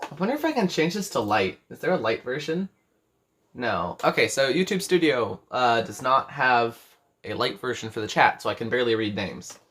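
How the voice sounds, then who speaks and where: A man's voice: medium pitch, expressive, moderate pace, fairly bright tone, slight background noise. 18 yo guy rambling on a live stream in his bedroom, keeps restarting sentences and reading out chat. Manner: rambling, self-correcting, reads chat aloud. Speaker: crochet livestream host.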